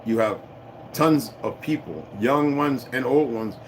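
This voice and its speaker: A man's voice: mid-range voice, expressive, a little slow, a little hiss or hum, rough recording. Profane rambling man ranting on a livestream. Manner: profane, emphatic, loose and digressive. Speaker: livestream host reading viewer comments. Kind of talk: rambling casual rant to live viewers.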